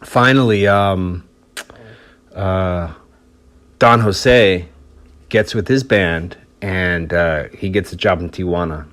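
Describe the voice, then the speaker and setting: A man hosting a podcast, telling a story in a relaxed, rambling way, swearing freely. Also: low-pitched, takes it slowly, pauses often. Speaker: podcast host.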